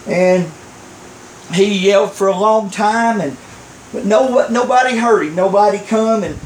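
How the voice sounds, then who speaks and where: A man's voice: high-pitched, a little slow, slight background noise. A male pastor preaching a sermon, telling a story and acting out the voices, chuckling often. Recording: echoey room.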